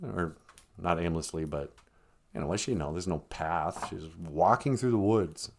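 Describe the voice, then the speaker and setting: A man's voice: sits low, normal speed, gravelly. A man telling a folk tale casually on a live stream, rambling with joking asides and self-corrections. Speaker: storyteller.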